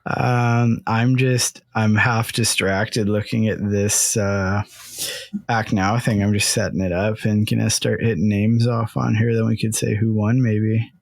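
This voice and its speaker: A Canadian man co-hosting a podcast, talking in a relaxed, rambling way and thinking aloud. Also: lowish voice, unhurried, gravelly, dry recording, clean studio sound. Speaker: podcast co-host. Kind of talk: casual chat.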